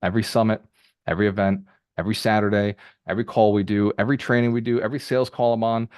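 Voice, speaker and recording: Fast-talking man, motivational. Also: lowish voice, smooth, dry recording, studio quality. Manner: energetic, conversational, rapid-fire with repeated phrases. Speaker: real estate mentor hosting a group call. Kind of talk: motivational talk to a live call.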